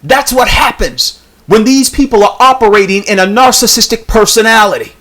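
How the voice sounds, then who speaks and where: A woman's voice: a little high, normal speed, a bit bright. A woman YouTube commentator talking straight to her viewers, with the emphatic cadence of a sermon and lots of repeated phrases. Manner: casual, colloquial address to viewers. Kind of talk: preachy social commentary.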